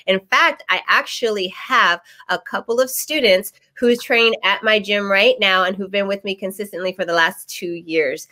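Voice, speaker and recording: Bright, cheerful woman fighter. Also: medium pitch, normal speed, few pauses. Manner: cheerful, laughs easily. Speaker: professional fighter and teacher. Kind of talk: casual interview.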